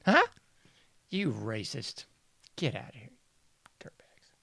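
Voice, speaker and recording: A man's voice: mid-range voice, huge pitch swings, slow pace, creaky, bright, forceful tone, slightly rough, no echo. A man hosting a casual news commentary show, mocking and sarcastic, laughing often. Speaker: podcast host.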